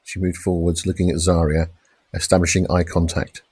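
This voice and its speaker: Guy narrating a gritty crime thriller, lowish voice, dry close sound. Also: monotone, slightly rough, no room sound. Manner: measured, dramatic crime reading with shouted police lines. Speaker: audiobook narrator. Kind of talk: scripted narration.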